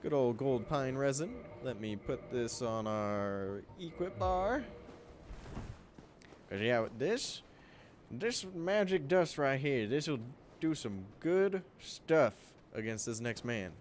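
A young man streaming a game, chatting with viewers in a relaxed, joking way and breaking into loud yelps and laughs. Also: medium pitch, slow, a little hiss or hum. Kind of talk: gameplay commentary.

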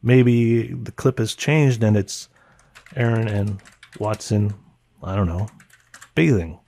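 A man teaching a software editing tutorial, naming keyboard shortcuts in short clipped bursts as he demonstrates. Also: on the low side, fairly even intonation, slow, creaky. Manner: calls out key names in short clipped bursts. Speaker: video editing instructor. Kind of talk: screen-recorded software tutorial.

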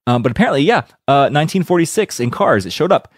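A man's voice: on the high side, big pitch swings, quick pace, slightly rough, no room sound, clean studio sound. A man co-hosting a casual podcast, bantering playfully. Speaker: podcast co-host.

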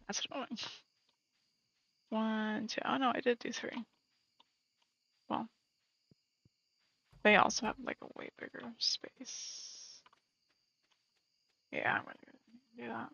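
A woman's voice: on the high side, fairly even intonation, takes it slowly, vocal fry, long pauses, fairly bright tone, no room sound. A woman streaming a game, chatting casually and muttering to herself, sometimes dropping to a whisper. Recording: slightly muffled lo-fi stream audio. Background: faint game music.

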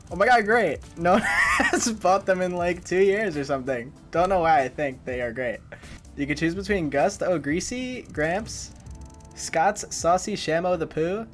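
Casting: airheaded young shopgirl, put on by a man, lifted pitch, drawling and sing-song. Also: a bit bright, heavily acted. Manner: valley-girl drawl, filler "like". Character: ditzy bored young female store clerk.

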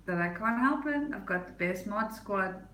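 A woman's voice: medium pitch, expressive, normal speed, fairly bright tone, reverberant, slight background noise, poor audio. A woman casually chatting on her livestream, reading chat aloud and teasing viewers, with an accent that is not American. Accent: non-American. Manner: playful, teasing, laughs often. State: has a headache.

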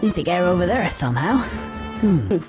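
A cheeky sarcastic squirrel. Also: male voice, high-pitched, sing-song, a little fast. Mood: wry. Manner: sarcastic, breezy, cocky. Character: cheeky young male squirrel. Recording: game audio with music behind.

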